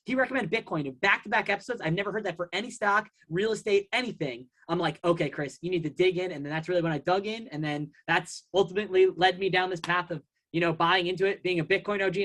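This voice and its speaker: This guest investor talks fast with a high, slightly bright voice and hardly pauses. Casually recounting his story in an interview, he rambles, restarts sentences, and acts out what he used to think.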